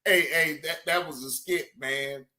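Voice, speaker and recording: A man's voice: on the high side, steady tone, a little slow, bright, forceful tone, voice pushed down. A man mimicking a flustered man who stammers and pleads, repeating himself over and over. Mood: pleading.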